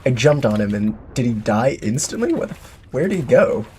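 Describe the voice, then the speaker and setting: A man's voice: medium pitch, fairly quick, a little hiss or hum. A man streaming a survival game, giving chatty, playful live commentary with jokey exclamations. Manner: chatty, playful, self-mocking; excitable exclamations.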